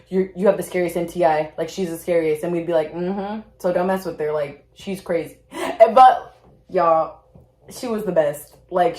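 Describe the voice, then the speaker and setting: Animated young woman telling a story. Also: echoey room. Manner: animated, acts out quotes with big pitch jumps. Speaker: vlogger recounting basic training. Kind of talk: casual storytelling to camera.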